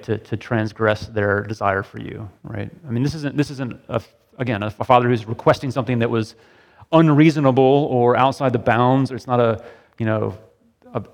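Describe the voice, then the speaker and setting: A man's voice: medium pitch, gravelly. A middle-aged man leading a sermon discussion, talking casually and often checking in with "right?" as he asks the group questions. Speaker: pastor. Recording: long hall reverb.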